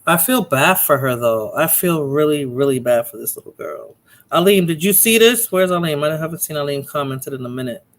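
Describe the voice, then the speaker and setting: This livestream host has a fairly high, somewhat bright voice and talks expressively and fairly quickly. He reacts to a video while chatting casually with his audience and calling out viewers in chat by name.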